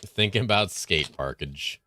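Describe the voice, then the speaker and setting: A man streaming games and chatting casually with his viewers, with dry, fairly monotone banter. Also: low voice, a little slow, dry recording, soft background music. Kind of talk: casual chat while gaming.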